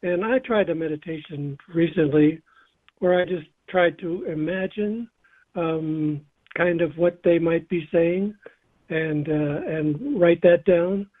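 A man's voice: fairly high pitch, slow pace. Brief: male caller, hesitant and friendly, thin telephone sound. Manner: hesitant, many ums, chuckles. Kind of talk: call-in radio talk. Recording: tinny phone line.

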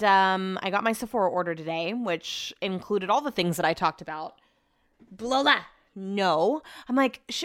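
Her mid-range voice is a little bright, captured dry and clean at studio level through a podcast mic in her home office. As host, she casually covers the news and updates on her day, with occasional swearing and tripped-up words.

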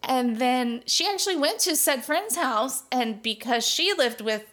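High-voiced, blunt woman podcaster. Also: expressive, a little slow, fairly bright tone. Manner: blunt, sarcastic, rants at reality tv. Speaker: podcast co-host. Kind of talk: casual chat.

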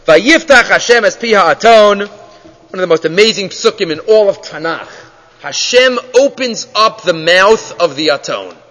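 Male rabbi lecturing, high voice with lively swings, asks many questions. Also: normal speed. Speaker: rabbi teaching a class. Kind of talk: Torah class lecture. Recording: dull lo-fi audio in a reverberant hall.

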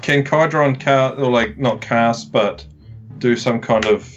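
A man's voice: mid-range voice, takes it slowly, lo-fi sound, soft background music. A man playing a tabletop game, talking casually and bluntly, with some swearing. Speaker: player.

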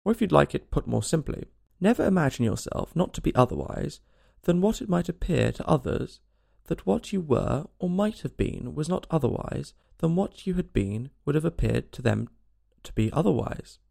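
A man's voice: a little high, sing-song, moderate pace, creaky, few pauses, darkish tone, full character voice. A man voicing a fussy old duchess in a storybook reading, preachy and agreeable in a sing-song manner.

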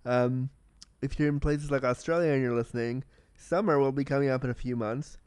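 A man hosting a solo podcast in a casual, candid and excitable way, swearing freely and talking with a slight cold. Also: medium pitch, a little fast, clean tone, no room sound, studio quality. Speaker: podcast host.

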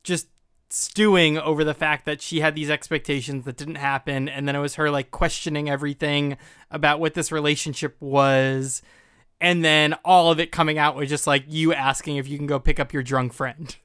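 A co-host joining a casual chat, chiming in with quick quips. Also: mid-range voice, little pitch movement, fairly bright tone, clean tone, no room sound, clean studio sound.

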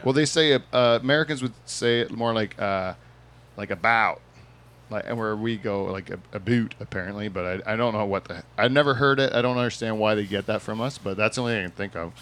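A Canadian podcast host with a Southern Ontario accent jokes and rambles through a casual group chat, laughing often. His voice is fairly low, a bit bright, and quick.

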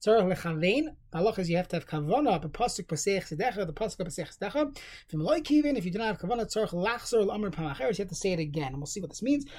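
A man giving a halacha lesson, reading Hebrew text aloud and then explaining it in plain English, at a steady teaching pace. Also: sits high, fast talker, hardly any pauses. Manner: steady explanatory tone with fillers and restarts. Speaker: Torah teacher.

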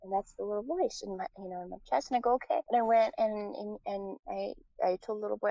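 A woman's voice: mid-range voice, quick pace, creaky, hardly any pauses, dark tone, no echo, dull audio. A woman from Taiwan, a guest in a casual interview, telling a personal story with lots of fillers and restarts.

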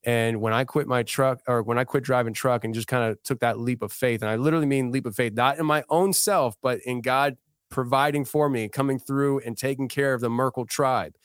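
A man's voice: medium pitch, steady tone, a little fast, smooth, no echo, clean studio sound. A man in his thirties, a podcast guest, telling a personal story in a casual, earnest way, often restarting his sentences. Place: podcast studio.

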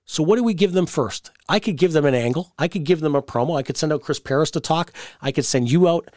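A man hosting a wrestling podcast, telling stories in a casual, animated way and jumping into the voices of the people he quotes. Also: fairly high pitch, fast, no room sound, clean studio sound. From Canada. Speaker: podcast host, wrestling promoter. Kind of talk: casual storytelling chat.

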